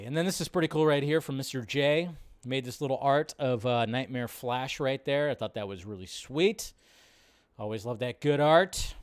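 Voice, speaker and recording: Male stream host, slightly high voice, smooth and clean, dry close sound, excitable and profane. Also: no echo. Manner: excitable, swearing, lots of fillers. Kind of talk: casual live-stream chat.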